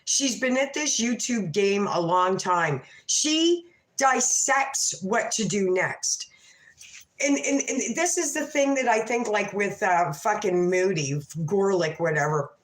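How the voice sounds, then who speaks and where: A woman's voice: mid-range voice, animated, takes it slowly, echoey room. A woman hosting a late-night livestream, chatting in a rambling, profane and gossipy way. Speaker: livestream host.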